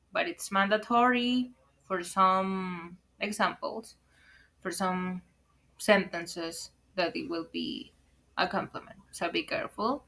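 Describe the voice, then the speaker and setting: A woman's voice: mid-range voice, pushed and bright, poor audio. A woman teaching English online, explaining word order carefully to viewers she calls guys, speaking English as a second language. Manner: careful explanations, repeated warnings to be careful.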